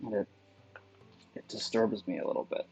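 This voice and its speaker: A man's voice: on the low side, moderate pace, vocal fry, darkish tone, husky. A man chatting casually on a livestream while he works at calligraphy, thinking aloud and wandering off on tangents. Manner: musing, digressive thinking aloud. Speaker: calligrapher streaming his work. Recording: dull lo-fi sound with faint background music.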